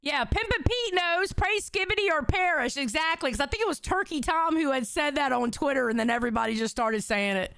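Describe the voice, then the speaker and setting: A woman's voice: sits high, lively intonation, fairly quick, creaky, few pauses, a bit bright, no room sound. A woman in her forties hosting a livestream, talking bluntly and with lots of swearing as she reads the chat. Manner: blunt, profane, emphatic. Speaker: show host reading chat.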